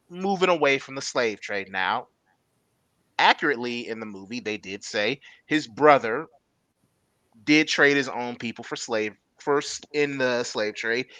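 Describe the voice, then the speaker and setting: A male podcast host talks in a casual, slangy way that swings up and down with lively energy. His voice is bright and forward. The sound is dry and close, with no room around it. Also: mid-range voice, no room sound. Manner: animated, slangy, gives historical context. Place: home setup, live-streamed podcast.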